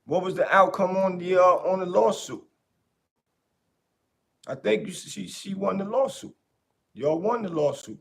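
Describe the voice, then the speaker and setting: A podcast host talking in a casual, animated way, repeating his points for emphasis. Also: sits high, a little slow, creaky, pauses often. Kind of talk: casual commentary.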